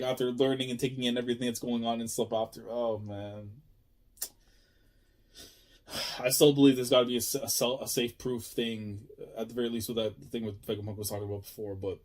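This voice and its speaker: A young man hosting an emotional reaction review of a comic chapter, excitable and slangy, swinging from hushed murmurs to near shouts. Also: medium pitch. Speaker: channel host reviewing a manga chapter.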